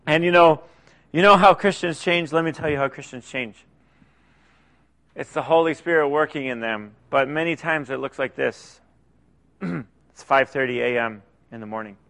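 A man preaching a conversational sermon, often dropping to soft, quiet asides. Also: fairly high pitch, moderate pace, vocal fry, long pauses. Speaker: pastor.

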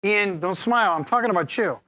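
A man's voice: high voice, fairly quick, no room sound. Male pastor, sermon, playful and teasing, laughs a lot, dry close sound. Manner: lively and humorous, teasing the congregation; laughs often.

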